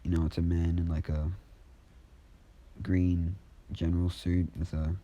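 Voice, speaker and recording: A man's voice: low voice, flat delivery, a little slow, dark tone. A man casually telling an improvised fan story, rambling with many fillers.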